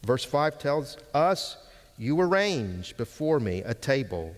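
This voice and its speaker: A man teaching Hebrew from the pulpit, preaching slowly and emphatically, repeating words for stress. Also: mid-range voice, big pitch swings. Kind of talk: sermon with Bible exposition. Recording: long hall reverb.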